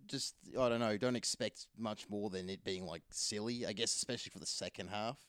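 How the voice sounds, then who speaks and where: A man's voice: on the low side, brisk, fairly bright tone, smooth, no echo, studio quality. A man chatting casually about films, rambling with lots of fillers and restarts. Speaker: film reviewer. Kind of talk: casual film review chat.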